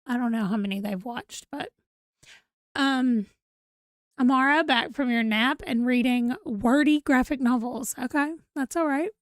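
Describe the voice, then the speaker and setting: A chatty woman hosts a casual livestream. She rambles, reads viewer comments aloud, and sounds a little tired. Her voice sits a bit high, recorded close and dry. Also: a little slow, dry recording. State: yawning, tired. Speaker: livestream host.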